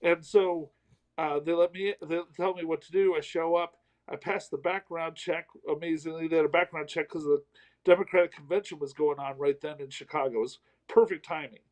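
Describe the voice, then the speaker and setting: A man's voice: fairly high pitch, fairly even intonation, brisk, darkish tone, low-quality recording. A middle-aged man from the American South, a comedian telling a self-deprecating story in a casual interview. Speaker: comedian guest.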